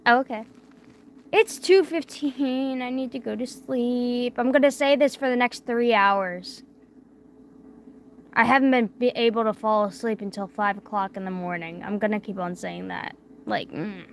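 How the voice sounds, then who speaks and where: A woman's voice: on the high side, fairly even intonation, normal speed, gravelly. Young woman streaming late, mouth barely opening after dental surgery, lots of "like", faint hiss behind. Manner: rambling, filler-heavy, drifting quiet. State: talking with a barely opened mouth after wisdom teeth surgery. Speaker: livestreamer. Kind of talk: late-night casual chat.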